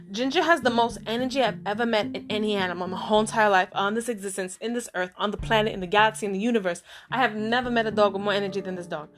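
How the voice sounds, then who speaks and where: A woman hosting her own podcast, telling comic stories in a casual way, acting out her own reactions and repeating words for effect. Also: on the high side. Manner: animated, acts out her own quoted reactions. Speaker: podcast host.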